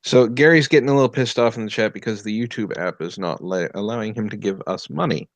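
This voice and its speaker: A man on a live stream, speaking in a relaxed, matter-of-fact way. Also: fairly low pitch, fast, no echo. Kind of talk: casual chat.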